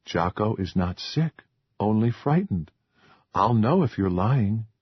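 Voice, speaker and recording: A composed woman speaks in a measured, patient way in an audiobook, voiced by a man. The tone stays low and husky. The recording is dull and dry. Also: dry recording, exaggerated voice. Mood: firm. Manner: steady, patient, scolding gently. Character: calm firm young woman. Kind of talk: audiobook character voice.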